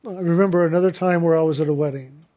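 High-voiced man giving a gentle spiritual talk. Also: steady tone, fast talker. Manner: gentle, reflective, laughs while telling a story. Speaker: spiritual teacher.

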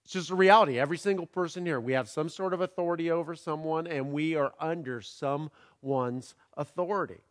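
Joking pastor preaching in a long-echo hall. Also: male voice, a little high. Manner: halting, with many fillers and repeated words; playful, punning delivery. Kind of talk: sermon with jokes. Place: church sanctuary. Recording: long reverb of a large hall.

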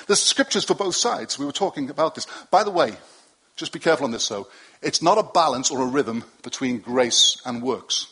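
A man's voice: medium pitch, lively intonation, moderate pace, a bit bright, slightly rough. A middle-aged male pastor preaching to his congregation in a loose, conversational way, with asides and self-deprecating jokes. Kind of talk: sermon. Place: church hall with a congregation.

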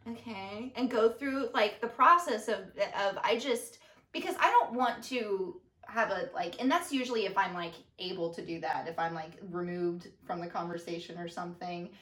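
A woman's voice: mid-range voice, moderate pace, a bit bright. A young woman co-hosting a podcast, chatting casually and playfully, with lots of fillers. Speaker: podcast co-host. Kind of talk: casual conversation. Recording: roomy sound from a distance.

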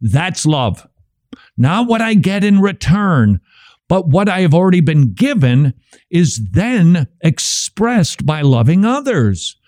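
A middle-aged man with a warm, mellow tone and a lively, swooping delivery, riffing wryly as a radio host. The sound is dry and close, with no room behind him. He talks in a casual, joking way. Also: sits high, slow, no room sound. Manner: wry, joking, animated. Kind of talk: casual commentary on church signs and sermons.

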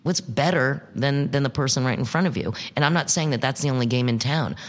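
A man talking about improv in an interview, emphatic and animated, swearing freely. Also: medium pitch, fairly quick. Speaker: improv performer and teacher. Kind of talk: casual interview talk. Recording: long reverb.

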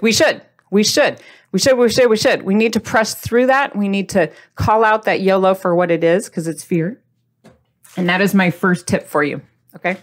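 A woman hosts a diet video in a playful, chatty way. She talks straight to the viewer in a casual, motivational tone, close to the mic. Her voice sits at a middle pitch. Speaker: host of a diet video series.

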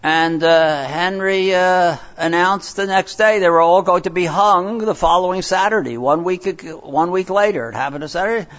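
A man's voice: high voice, normal speed, hardly any pauses, a bit bright. An older man from Philadelphia preaching a sermon, telling stories in a rambling, digressive way with many fillers and restarts. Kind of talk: sermon with storytelling. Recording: dull lo-fi recording.

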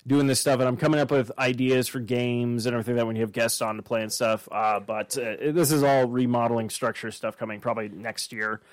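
A man's voice: medium pitch, little pitch movement, a little fast, hardly any pauses, no room sound. Rambling jokey man, dry close sound. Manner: rambling, jokey, swears, does silly voices. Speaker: podcast host. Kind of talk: casual chat.

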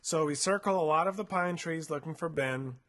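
A man's voice: on the high side, a little fast, very noisy. A man casually narrating a choose-your-own-adventure story with a co-host, laid-back and playful, full of filler words. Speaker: co-host reading a gamebook.

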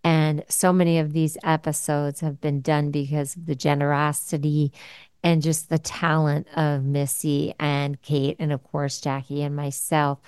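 A woman's voice: sits low, flat delivery, unhurried, a little mellow, smooth, no room sound, studio quality. A woman hosting a podcast, speaking in a heartfelt, emotional way and often repeating herself. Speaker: podcast host. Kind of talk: heartfelt podcast chat and sign-off.

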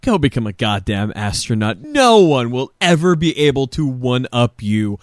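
A man hosting a casual podcast, talking in an animated way and swearing freely. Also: mid-range voice, no room sound, clean studio sound. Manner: animated, swearing, quick asides. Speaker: podcast host.

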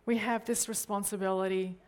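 A woman's voice: mid-range voice, steady tone, a little fast, a little mellow. Australian woman preaching with earnest questions. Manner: earnest, leans on rhetorical questions. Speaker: church leader. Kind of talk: sermon.

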